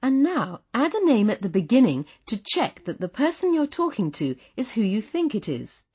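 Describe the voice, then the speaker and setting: A woman guiding learners through a language lesson in a patient, encouraging way. Her voice has a slight huskiness, and her pitch moves a lot. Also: big pitch swings, moderate pace, darkish tone, breathy edge. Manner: patient, encouraging teacher's delivery. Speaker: course narrator. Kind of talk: scripted instructional narration.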